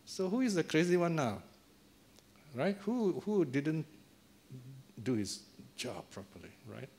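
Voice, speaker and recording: A man's voice: fairly high pitch, big pitch swings, a little slow, a little mellow, a little hiss or hum, voice pushed up. Figure: a man voicing a reproachful teenage son turned heavenly being. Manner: mocking.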